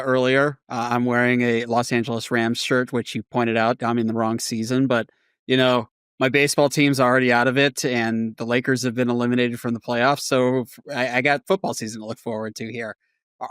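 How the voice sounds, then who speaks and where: A man's voice: medium pitch, fairly bright tone, smooth, dry recording, studio quality. A man hosting a podcast interview, asking questions in a friendly, easygoing way. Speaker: podcast host. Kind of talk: casual interview.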